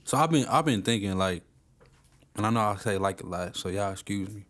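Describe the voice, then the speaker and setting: A man's voice: lowish voice, lively intonation, brisk, a bit bright. Blunt, emphatic man co-hosting a podcast. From Texas. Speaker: podcast co-host. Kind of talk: casual discussion.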